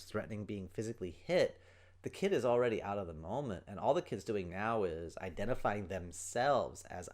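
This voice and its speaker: An earnest middle-aged man talks through parenting stages on his own podcast. His voice sits fairly low, and he slips into short acted-out quotes to make a point. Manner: earnest, explanatory, acts out quoted lines. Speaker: podcast host, parenting coach. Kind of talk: solo podcast talk.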